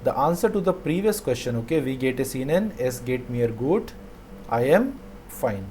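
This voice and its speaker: Mellow-voiced male language teacher. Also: mid-range voice, sing-song, a little hiss or hum. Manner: repeats phrases slowly and explains them. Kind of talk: online language lesson.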